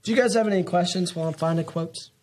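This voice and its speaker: A man's voice: sits high, fast, a little mellow. A young man in his late teens, a student guest on a podcast, musing in a rambling, mock-preachy way. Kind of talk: casual podcast chat.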